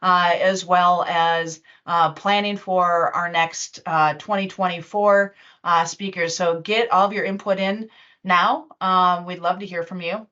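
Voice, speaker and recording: A woman presenting a live software demo in a casual, chatty way, with many fillers and restarts. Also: fairly low pitch, steady tone, a little slow. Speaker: webinar presenter and user group organizer. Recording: dull lo-fi online meeting audio.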